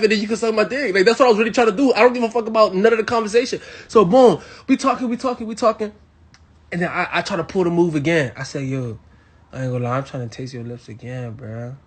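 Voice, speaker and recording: A young man from Miami telling a crude story to his live audience, animated and swinging between loud bursts and hushed asides. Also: very high-pitched, rapid-fire. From Miami, Florida. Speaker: livestream host.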